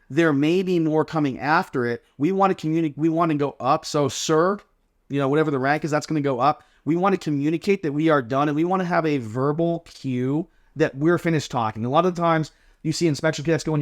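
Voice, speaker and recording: A man's voice: a little high, fairly quick. A man, a drill team coach, casually explaining inspection answers step by step and acting out sample replies. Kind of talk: casual instructional chat.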